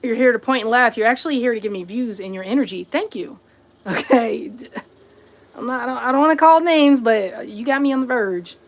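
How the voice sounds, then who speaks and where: Woman on a livestream reading comments, calls folks y'all and buddy, kinda sassy, slightly high voice. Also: brisk. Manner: sassy, confronting chat commenters directly; talks to viewers as y'all and buddy. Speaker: livestream host.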